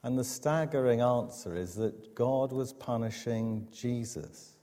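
A man preaching a sermon, measured and emphatic, with dramatic pauses. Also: mid-range voice, warm tone. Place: church. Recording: long church reverb.

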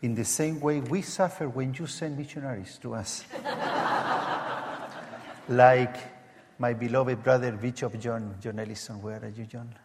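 A man from Chile preaching a sermon in English with a strong Latin American accent, halting and full of fillers. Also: medium pitch, steady tone, darkish tone, slight background noise. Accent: Latin American Spanish. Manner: slow, halting, with many fillers. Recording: church hall with long reverb.

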